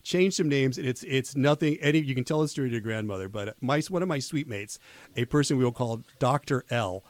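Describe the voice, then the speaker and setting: A man's voice: mid-range voice, animated, a little fast, no room sound. Man in his 50s, college radio host, rambling chatty storyteller, dry close studio sound. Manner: rambling storyteller, many restarts. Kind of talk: casual on-air chat. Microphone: studio microphone.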